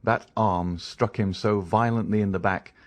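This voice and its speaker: A man narrating a classic novel as an audiobook in even, measured storytelling. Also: on the low side.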